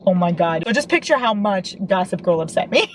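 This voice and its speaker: A woman's voice: mid-range voice, a little fast, slight background noise, rough recording. Gushing young woman chatting about books. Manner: gushing, excitable, laughs often, swears casually. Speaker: book vlogger. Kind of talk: casual read-along book chat. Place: inside a parked car.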